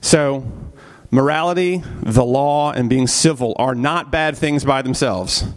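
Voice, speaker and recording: A man's voice: mid-range voice, unhurried. A man teaching a church Bible study class in a conversational way, asking the group questions, often adding "right?", and briefly acting out the characters he quotes. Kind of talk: interactive church class lecture.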